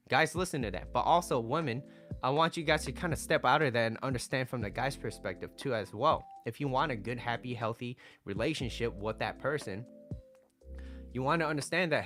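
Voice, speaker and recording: A man coaching viewers on relationships in a loose, chatty monologue. His voice sits at an ordinary middle pitch, and he hammers his points home through repetition and constant check-ins like "right?". Faint music plays quietly in the background. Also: normal speed. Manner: conversational, peppers lines with "right?" and "like"; emphatic, repeats key points. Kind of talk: casual advice monologue to viewers.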